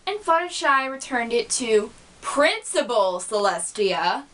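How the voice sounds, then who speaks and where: A woman's voice: a little high, very animated, unhurried, fairly bright tone, poor audio. A woman giving a casual, chatty movie review on her vlog, filling her talk with "like" and acting out the characters. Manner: chatty, lots of "like", acts out the characters.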